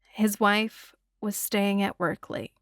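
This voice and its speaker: A woman hosting a casual film breakdown, expressive and gushing, swearing freely with sighs and laughs. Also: medium pitch, slow pace, dry recording, studio quality. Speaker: film reviewer, host.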